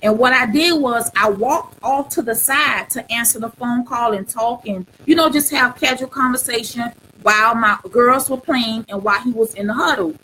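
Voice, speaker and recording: A woman's voice: fairly high pitch, normal speed, few pauses, bright, forceful tone, a little hiss or hum, poor audio. A middle-aged woman hosting a live talk show, sharing her own story in an earnest, preacher-like way and repeating phrases for emphasis. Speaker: host.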